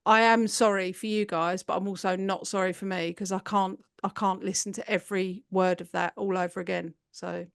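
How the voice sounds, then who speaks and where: A woman co-hosting a podcast in casual chat, chatty and quick to laugh. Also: mid-range voice, level tone, gravelly, clean tone, no echo, studio quality. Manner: chatty, laughs often, acts out quoted voices. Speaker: podcast co-host.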